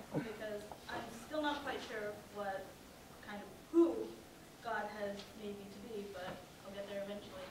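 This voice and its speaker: Young woman giving a wry talk in an echoey hall. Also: on the high side. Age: young adult. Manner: humorous, self-mocking, sarcastic. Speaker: student speaker. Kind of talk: personal talk at a student event. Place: lecture hall at a campus event. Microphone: not using the mic. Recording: very echoey hall, distant from mic, noisy.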